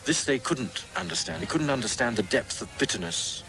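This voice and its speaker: A man's voice: medium pitch, animated, a little fast, creaky, pushed and bright, low-quality recording. A man answers in an interview with earnest, reflective speech. He leans on his words to stress how unbelievable something was. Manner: earnest, incredulous emphasis.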